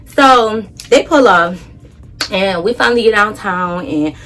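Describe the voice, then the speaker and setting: Animated woman telling a storytime. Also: medium pitch, a little slow, slight background noise. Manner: animated, emphatic, blunt with heavy swearing. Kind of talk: casual storytime.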